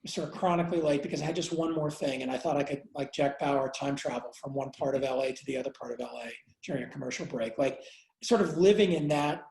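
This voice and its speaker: A man interviewed as a guest, telling a personal story candidly with many pauses, fillers and restarts, and some blunt swearing. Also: medium pitch, vocal fry, darkish tone, reverberant, low-quality recording. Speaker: interview guest, entrepreneur and investor.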